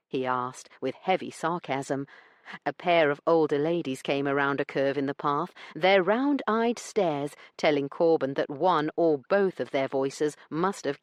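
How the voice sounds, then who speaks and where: A woman reading a romance audiobook as its narrator, in an expressive storytelling way. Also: sits low, no echo, studio quality. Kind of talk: scripted narration.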